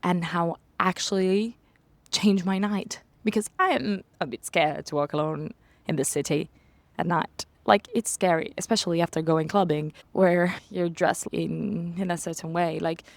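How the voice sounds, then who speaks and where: A young woman telling a story in a casual vlog, animated, acting out her own quotes. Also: lowish voice, moderate pace, vocal fry, no room sound. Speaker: vlogger. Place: home in London.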